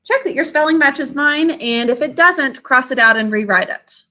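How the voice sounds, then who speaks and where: A woman's voice: high voice, moderate pace, bright, forceful tone. A woman teaching an online spelling lesson to children over a video call, patient and careful as she sounds out words.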